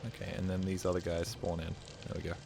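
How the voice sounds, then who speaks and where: A man's voice: low voice, monotone, quick pace, creaky, heavy background noise. A man streaming while he plays a game, rambling casually and jokily, swearing often and getting defensive. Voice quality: profane, jokey, defensive.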